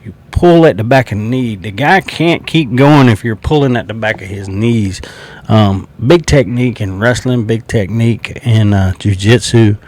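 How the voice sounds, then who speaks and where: With a fairly low, darkish voice at a moderate pace, this Southern-accented South Carolina man chats about football as a fan on his podcast. His style is casual and blunt, with free swearing and laughter scattered throughout.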